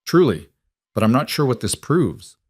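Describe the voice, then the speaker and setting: A man's voice: medium pitch, sing-song, normal speed, darkish tone, husky, dry recording, pitched above the performer's own voice. A man voicing an older male crime boss who taunts his rival in a sly, mocking way. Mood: smug.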